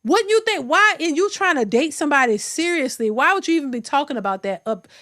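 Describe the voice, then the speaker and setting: A woman's voice: sits high, expressive, quick pace, a bit bright. A woman hosting a reaction channel, giving sassy, incredulous commentary straight to her viewers.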